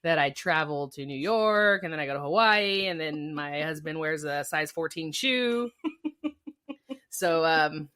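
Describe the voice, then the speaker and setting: A woman's voice: low-pitched, expressive, measured pace, fairly bright tone. A woman co-hosting a podcast in casual chat, chatty and laughing a lot. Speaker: podcast co-host.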